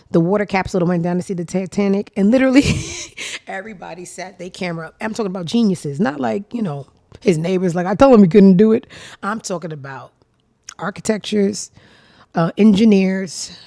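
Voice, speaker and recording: This is a young woman riffing as the host of a casual commentary show. She is sarcastic and profane, and her voice leaps up and drops off constantly. Her tone is low and dark, recorded dry and close. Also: no room sound. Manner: animated, profane, sarcastic, with big jumps in pitch and loudness. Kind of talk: casual commentary reacting to social media.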